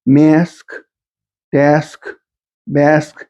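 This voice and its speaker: A man lectures in a measured way, pausing over each example word as he lists them. His voice sits somewhat high for a man and has a gravelly fry, and the recording sounds dull and lo-fi. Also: warm tone. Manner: slow, careful, lists example words one by one. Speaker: instructor. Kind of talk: lecture on dialects.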